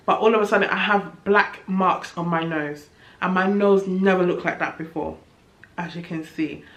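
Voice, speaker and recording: A woman's voice: on the low side, fairly bright tone. A young woman chatting candidly and with exasperation in a review vlog, laughing at herself now and then. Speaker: vlogger. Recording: echoey room.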